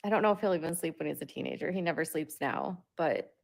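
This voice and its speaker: Low, gravelly-voiced woman vlogging. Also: lively intonation, fast. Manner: rambling, talks through filler words. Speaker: parent vlogger. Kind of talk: casual monologue to viewers.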